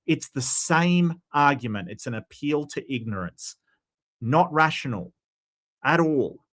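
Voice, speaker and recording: A man's voice: a little high, lively intonation, measured pace, fairly bright tone. A man talking through the reasoning of a debate in casual commentary, with plenty of fillers, spelling out his argument step by step. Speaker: debate reviewer.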